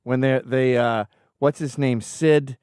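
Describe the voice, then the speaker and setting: A man hosting a podcast, talking in a crude, joking way and slipping into quick impressions as he goes. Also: mid-range voice, clear, resonant tone, dry recording, clean studio sound. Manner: profane, animated, slips into impressions. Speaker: podcast host.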